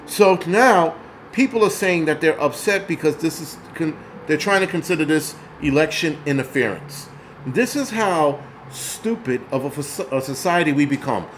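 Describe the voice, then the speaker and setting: A man of Puerto Rican origin rants as the host of his own show, cursing freely and mocking the people he talks about. His voice sits somewhat higher than most men's, and faint background noise runs under the recording. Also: animated, moderate pace. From Puerto Rico. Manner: profane, heated, mocking. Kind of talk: angry ranting commentary.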